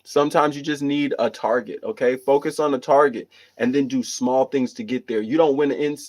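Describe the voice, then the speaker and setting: A man's voice: medium pitch, fairly even intonation, a little fast, a little mellow. A man hosting a livestream, reading viewer comments and giving earnest, rambling motivational talk with restarts and repeated phrases.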